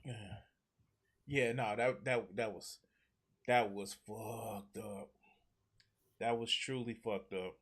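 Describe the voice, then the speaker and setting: A man's voice: fairly low pitch, steady tone, takes it slowly, pauses often, a bit bright, breathy edge. Laid-back profane male host. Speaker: show host. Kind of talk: casual reaction chat.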